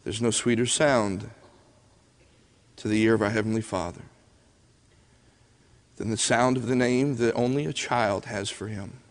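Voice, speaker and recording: A man's voice: lowish voice, fairly even intonation, a little slow, pauses often. A man preaching a sermon, telling stories in an earnest way. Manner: earnest, storytelling, soft pleading prayer passages. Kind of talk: sermon with storytelling. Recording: long hall reverb.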